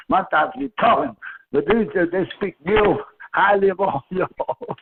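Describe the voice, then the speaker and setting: Over a tinny phone line with faint noise, a man hosts a casual call-in chat from a friend's house, laughing often as he tells loose, profane stories. His voice sits high and is creaky, with lively intonation at a normal speed.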